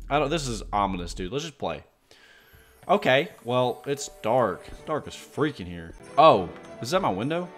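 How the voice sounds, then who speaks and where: A man's voice: medium pitch, a bit bright. A man doing casual let's play commentary on a horror game, jumpy and talking to himself and the game. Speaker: gaming host.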